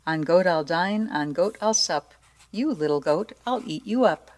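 A woman's voice: on the low side, expressive, unhurried, darkish tone. Storybook troll, male, boastful and greedy, theatrical, as a woman puts him on. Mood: gleeful. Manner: gleeful, theatrical sing-song boasting. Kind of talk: storybook read-aloud.

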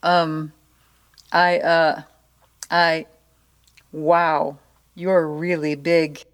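Woman doing greedy storybook troll, gleeful braggart, slightly low. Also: level tone, drawn-out words. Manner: gleeful, rhyming, boastful. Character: greedy boastful male troll under a bridge.

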